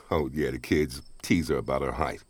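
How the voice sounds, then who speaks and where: A deep-voiced wisecracking drifter. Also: male voice, normal speed, no room sound. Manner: wisecracking, talkative, laughs often. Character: down-on-his-luck divorced father, chatty and wry. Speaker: the voice actor. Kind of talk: radio drama acting.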